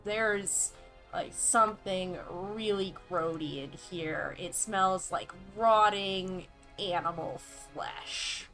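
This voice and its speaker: A woman running a tabletop game as dungeon master, describing scenes unhurriedly with a few fillers. She speaks slowly at a middling pitch, with faint music in the background. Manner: relaxed, hesitant descriptions with fillers.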